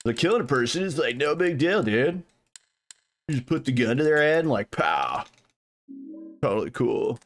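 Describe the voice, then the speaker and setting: A man's voice: mid-range voice, sing-song, moderate pace, pauses often, voice pushed up. A man putting on the voice of a laid-back young surfer bro, drawling and carefree. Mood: careless.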